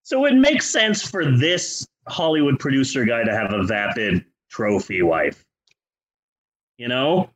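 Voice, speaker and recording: A man's voice: mid-range voice, big pitch swings, a little slow, a bit bright, poor audio. A man co-hosting a podcast, reviewing a film in casual chat with sarcastic, profane remarks. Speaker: podcast co-host.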